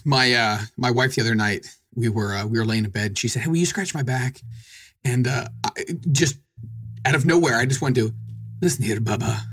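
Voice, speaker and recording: A middle-aged man co-hosting a podcast, jokey and quick to laugh as he chats. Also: a bit bright. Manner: jokey, laughs often, swings his pitch widely. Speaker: podcast co-host. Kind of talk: casual podcast chat.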